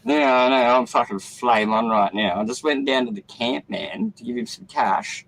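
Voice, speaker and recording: A man's voice: medium pitch, big pitch swings, normal speed, vocal fry, fairly bright tone, rough recording. Give me a rambling Australian guy. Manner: rambling, joking, swears. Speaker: guest caller. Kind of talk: casual chat.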